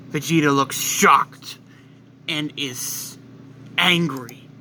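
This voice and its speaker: Bright, excitable male storyteller. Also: a little high, slow, a little hiss or hum. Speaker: fan story narrator. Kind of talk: casual fan-fiction narration.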